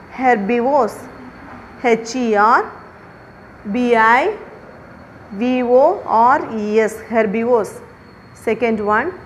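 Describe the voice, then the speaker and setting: A woman teacher with a fairly high voice works through a revision lesson at a very slow, deliberate pace. She dictates each answer and spells words out letter by letter. A faint room ambience sits behind her. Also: a little hiss or hum.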